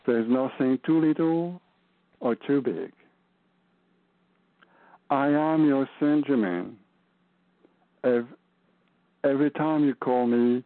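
A man channeling a loving male ascended-master spirit, speaking slowly and emphatically with a put-on French accent over a tinny call line. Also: mid-range voice, no room sound. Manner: earnest, urging, slow and emphatic. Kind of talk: channeling session.

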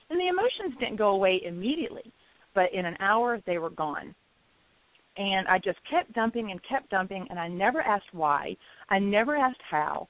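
Animated woman on a tinny line. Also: medium pitch, moderate pace. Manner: animated, laughs often, acts out her own reactions. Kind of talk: casual personal storytelling. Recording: tinny phone-line sound.

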